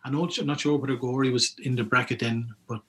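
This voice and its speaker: A man's voice: mid-range voice, steady tone, fast talker, a bit bright. A man with an Irish accent, chatting casually about folklore he collected, rambling with lots of restarts and asides. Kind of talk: casual storytelling chat.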